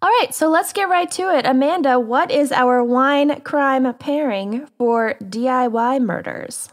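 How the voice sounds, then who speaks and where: A woman's voice: high-pitched, measured pace. A woman co-hosting a casual podcast, upbeat and jokey as she leads the segments. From Minnesota. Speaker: podcast co-host. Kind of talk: casual chat.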